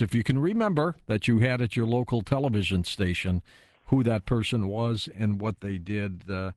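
Man, radio talk host, animated pitch, conversational, dry close sound. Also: no echo. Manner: lively, conversational, steering to breaks and calls. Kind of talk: late-night radio talk.

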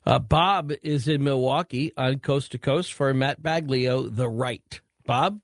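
A man hosting a late-night call-in radio talk show, chatty and quick to jump in. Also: mid-range voice, dry recording, studio quality. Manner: relaxed, chatty, quick to interject. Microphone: studio microphone.

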